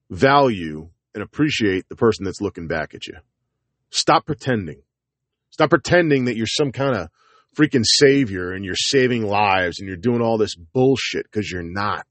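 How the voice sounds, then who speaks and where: A man speaking as a parent to his viewers in a heated monologue, blunt and profane, hammering short repeated phrases and dropping into low, gruff asides. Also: dry recording. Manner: alternates forceful jabs with low, gruff asides. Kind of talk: heated direct-to-camera monologue.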